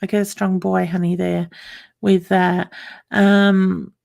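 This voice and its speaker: A woman working as a psychic medium in a live online reading. She speaks softly and reassuringly, calls people honey and hun, and hesitates with ums and restarts. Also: lowish voice, flat delivery, takes it slowly, vocal fry, dry recording, clean studio sound.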